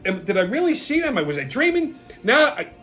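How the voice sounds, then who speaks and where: A man hosting his own show, telling stories in a profane, exasperated, animated rant. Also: very high voice, brisk, soft background music. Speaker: show host. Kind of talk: casual storytelling rant.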